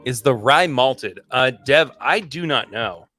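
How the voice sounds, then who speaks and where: A man hosting a laid-back whiskey tasting stream, talking with a bright, forceful edge. His pitch sits in an ordinary middle range. He is chatty and eager, and he rambles and restarts his sentences, with soft music faintly underneath. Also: lively intonation, a little slow. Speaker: podcast host. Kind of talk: casual livestream whiskey tasting.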